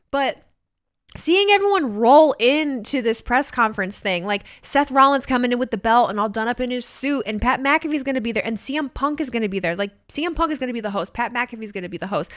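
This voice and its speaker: A young woman hosting a casual livestream, excitable and swearing freely as she reacts to chat comments. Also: fairly high pitch, a little fast, no echo, studio quality. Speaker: livestream host.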